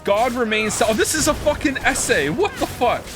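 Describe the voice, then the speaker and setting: A male game streamer chatting to his viewers between play. His voice sits high and jumps around animatedly. He rambles, swears freely and reacts with incredulous disbelief. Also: very animated, normal speed, over music. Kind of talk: live game stream chat.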